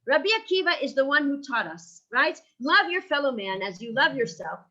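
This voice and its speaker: Lively, bright-voiced woman teaching a class. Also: high-pitched, moderate pace, highs cut off. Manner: engaging, asks rhetorical questions with frequent "right?"; mixes Hebrew terms into English. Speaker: teacher of a Jewish ethics class. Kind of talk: lively lecture.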